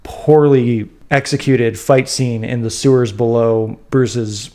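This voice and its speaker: A man co-hosting a podcast, chatting casually, animated and playful with stammering restarts. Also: mid-range voice, slow pace. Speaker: podcast co-host. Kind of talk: casual chat.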